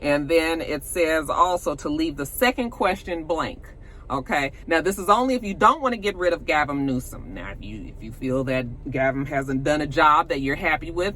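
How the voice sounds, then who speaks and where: A woman's voice: low voice, a bit bright, slight background noise. A woman hosting a gossip show from home, chatting casually and rambling to her viewers with lots of fillers. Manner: chatty, rambling, many fillers, addresses viewers as you guys.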